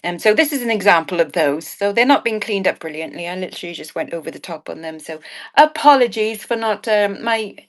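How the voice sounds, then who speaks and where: A woman running a live online jewellery auction, chatting in a bubbly, rambling way, with cheeky asides and frequent laughs. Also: mid-range voice. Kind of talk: chatty live-stream selling.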